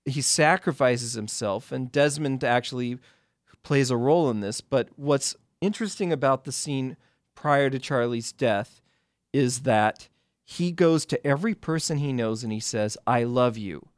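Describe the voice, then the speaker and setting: A man's voice: medium pitch, unhurried, no echo. Man rambling through film analysis, dry. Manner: rambling, with many restarts and retellings of scenes. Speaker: film critic guest. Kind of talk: casual explanatory radio talk.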